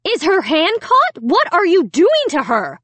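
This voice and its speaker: A woman's voice: very high voice, wildly swooping pitch, measured pace, fairly bright tone, dry recording, voice pushed up, full character voice. Impatient angry mom in a storybook, a woman voicing her; raised, demanding voice. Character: angry, impatient mother of a small girl.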